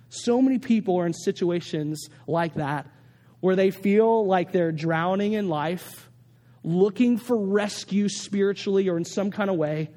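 Male pastor, high voice, earnest and animated, long hall echo. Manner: earnest, animated storytelling with many restarts. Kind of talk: sermon.

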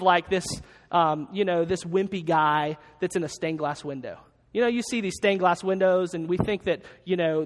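A pastor preaching a sermon in a church, earnest and halting, with frequent restarts. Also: male voice, sits high, in a large hall.

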